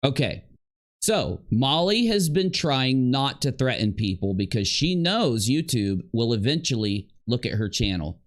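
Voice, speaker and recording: A man's voice: medium pitch, big pitch swings, a little slow. A man hosting a commentary channel, emphatically breaking down clips and repeating his points. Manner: emphatic, repetitive, mimics the woman in quotes. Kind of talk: drama commentary, analyzing clips.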